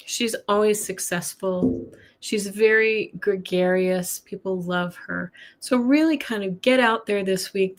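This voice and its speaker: A woman hosting a live-streamed weekly tarot reading from home, chatting casually, laughing often and greeting viewers by name. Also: medium pitch. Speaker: tarot reader. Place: home with a cat nearby.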